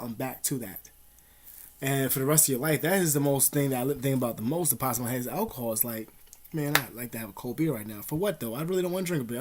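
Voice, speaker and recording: A man's voice: medium pitch, a little mellow. A young man giving blunt, profane advice to camera at home in casual street slang, calling the listener "dog" and "man". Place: at home, dogs nearby.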